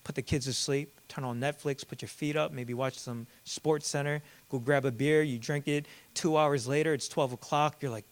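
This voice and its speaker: A man's voice: mid-range voice, steady tone, normal speed, few pauses. A man in his thirties preaching a sermon as pastor, talking casually with slang, fillers and many restarts.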